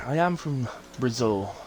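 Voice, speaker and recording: A young man with a West Country English accent, commentating a sim race on a live stream and chatting with viewers, in a relaxed way full of fillers and self-corrections. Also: medium pitch, slow, music in the background. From England.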